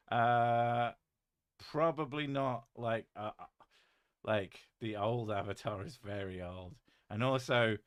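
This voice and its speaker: A British man chatting casually on a live stream, reading chat aloud with a joking, deadpan manner and casual swearing. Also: mid-range voice, no room sound, clean studio sound.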